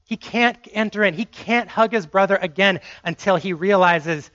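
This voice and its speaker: A man's voice: high-pitched, normal speed, a bit bright, no echo, lo-fi sound. A man preaching a sermon, emphatic and driving points home by repeating phrases.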